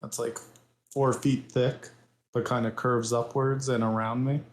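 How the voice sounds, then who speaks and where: A man's voice: mid-range voice, flat delivery, a little slow, slight background noise. Hesitant man in an echoey room. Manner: hesitant, explains plans carefully. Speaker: player. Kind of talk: tabletop game play. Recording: roomy echo.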